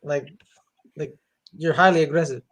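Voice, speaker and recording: A man on a podcast panel, teasing the others excitedly and hollering. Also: a little high, normal speed. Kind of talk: casual chat.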